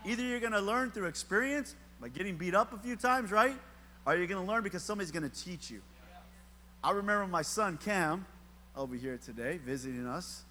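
A middle-aged man preaches in a church sanctuary, his voice a bit high for a man. He tells stories with easy humor and keeps checking in with the crowd. A long reverb trails each phrase. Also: animated, brisk, pushed and bright, a little hiss or hum. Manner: casual storytelling preaching with humor, talks to the congregation. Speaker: pastor. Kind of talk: sermon.

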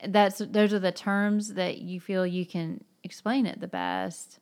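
A woman's voice: medium pitch, normal speed. A woman in a casual book discussion, explaining her views thoughtfully and often saying "like". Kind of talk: casual chat.

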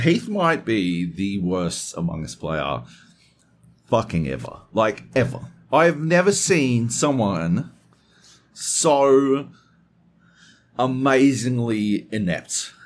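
A man's voice: medium pitch, big pitch swings, slow pace. A man hosting a podcast in casual chat, swearing constantly and getting worked up as he tells a story. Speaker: podcast host.

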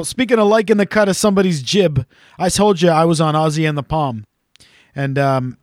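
Slightly high-voiced man teasing on a podcast. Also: no echo, studio quality. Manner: teasing, rambling with many fillers. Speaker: podcast co-host. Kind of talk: casual chat reading listener messages.

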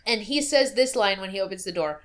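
Woman, podcast co-host, casual, lively storyteller who acts out quotes. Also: mid-range voice, fairly quick. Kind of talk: casual chat recapping a game.

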